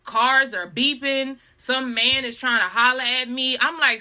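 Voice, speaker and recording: A young woman telling a storytime vlog, animated and dramatic, with frequent asides to her viewers. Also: sits high, a little slow, few pauses. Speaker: vlogger.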